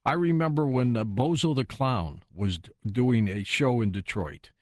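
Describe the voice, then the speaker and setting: A man's voice: medium pitch, moderate pace, no room sound, studio quality. A man hosting a late-night radio talk show, chatting with guests and leading into breaks and calls. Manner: lively, conversational, steering to breaks and calls.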